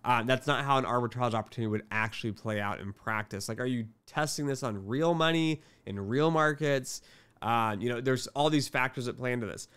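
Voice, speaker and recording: A middle-aged man talking casually to camera about finance work, telling candid stories and acting out both sides of sales pitches. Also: fairly quick, fairly bright tone, clean tone. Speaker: quant finance commentator.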